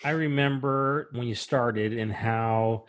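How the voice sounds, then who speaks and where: A middle-aged man co-hosts a podcast in casual chat. His voice sits at a middle pitch. He asks follow-up questions and offers encouragement. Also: a little slow, crowd noise. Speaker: podcast co-host.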